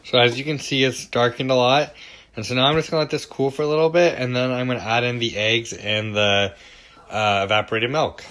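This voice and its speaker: Bright-voiced man chatting through a kitchen demo. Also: mid-range voice, fairly even intonation, fairly quick. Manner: chatty and self-deprecating, with fillers and asides. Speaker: cooking show host. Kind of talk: casual cooking demonstration. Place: home kitchen.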